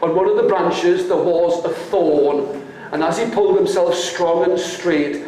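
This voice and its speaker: A man telling a folk tale to a live college audience, animated and coaxing them to join in. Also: unhurried. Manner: animated, leaps into high voices for characters, coaxes the audience to join in. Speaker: storyteller. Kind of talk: live oral storytelling with audience participation. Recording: very echoey hall, faint background noise.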